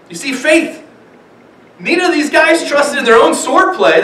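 Pastor guy giving a sermon in a church, kinda far from the mic, lots of room echo, animated. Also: extremely high pitch, normal speed. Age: young adult or middle-aged, father of young children. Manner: animated preaching, acts out voices of people in stories. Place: church sanctuary.

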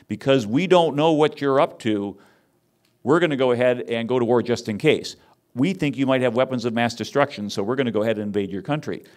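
A man giving a conference talk, wry and animated, teasing his audience as he speaks. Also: medium pitch. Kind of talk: lively lecture with audience banter.

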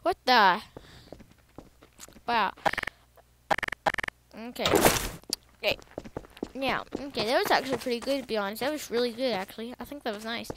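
A woman giving casual, rambling gameplay commentary, excitable and repeating herself as she figures things out. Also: fairly high pitch, normal speed, long pauses. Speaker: gaming video creator. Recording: loud background noise over voice.

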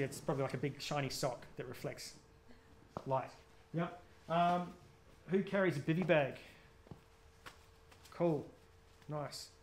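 A man's voice: a little high, a little hiss or hum. A man giving a chatty, jokey outdoor safety workshop, often quizzing his audience. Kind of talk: live gear workshop talk.

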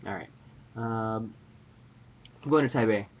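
A man's voice: on the low side, unhurried, muffled recording, a little hiss or hum. A man chatting casually to his viewers in a playful, jokey, rambling way. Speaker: vlogger. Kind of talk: casual chat to camera.

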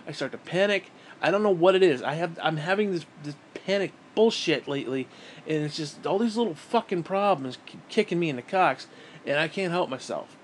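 A man's voice: on the high side, expressive, fairly quick, slight background noise. A middle-aged man ranting casually to his viewers, frustrated and swearing, rambling with frequent restarts. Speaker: vlogger. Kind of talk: casual rant to camera. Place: home.

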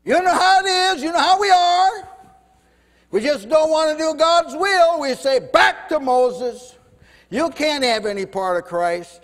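A fervent male preacher with a very high voice, delivering a sermon in a room with a long, ringing reverb. His voice climbs and gets loud when he acts out quoted speakers. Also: expressive, unhurried. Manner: fervent, rises loud when voicing God and Moses. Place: house church meeting room.

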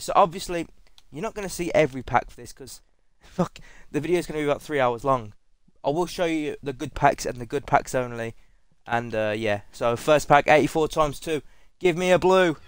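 A young man commentating over a video game pack opening, excitable and swearing freely, pleading with the game and yelping at reveals. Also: medium pitch, moderate pace, clean tone, no echo. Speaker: gaming content creator.

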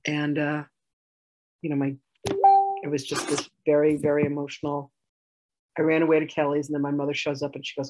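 A woman telling a personal story in a healing session, animated, acting out arguments and laughing. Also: low voice, normal speed, long pauses, lo-fi sound.

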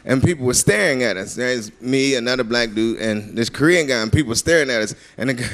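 A man performing a stand-up comedy routine on a club stage, animated and often laughing at his own jokes. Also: medium pitch, fast talker. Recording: live club recording with crowd noise. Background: audience laughter and room noise.

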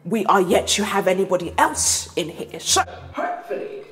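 A young British woman, a reality show contestant, talking loudly and excitably to camera. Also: on the low side, moderate pace, over loud music. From Britain. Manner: loud, excitable and giggly. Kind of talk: casual chat to camera. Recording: clip with loud noise behind.

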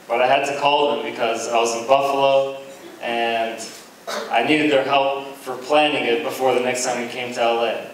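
Young groom doing his toast, laughing through it, mic far away, big echoey room w/ noise. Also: mid-range voice. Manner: heartfelt, laughing between lines. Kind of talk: wedding toast. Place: large reverberant banquet room. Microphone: distant from the camera mic. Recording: echoey hall audio from far off.

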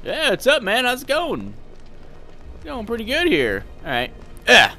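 Fluchender junger Mann beim Zocken. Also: male voice, very high voice, unhurried, faint music behind. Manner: excitable, swearing, thinking aloud. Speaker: gameplay commentator. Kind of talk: casual gameplay commentary.

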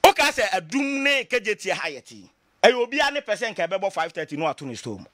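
A man with a Ghanaian accent, speaking as a political commentator in a lively talk show discussion, passionate and full of rhetorical questions. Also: high voice, quick pace, no room sound. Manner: passionate, mixing Twi and English, rhetorical questions.

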